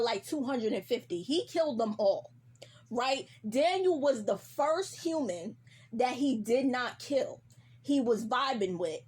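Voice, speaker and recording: Young female recap host, animated, slangy, husky. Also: fairly high pitch. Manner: animated, slangy, heavy profanity. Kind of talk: casual TV recap.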